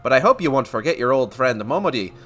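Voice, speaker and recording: A man voicing a gruff older female tavern keeper in a put-on Scottish accent, brusque and teasing. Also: medium pitch, expressive, fast, fairly bright tone, faint music behind.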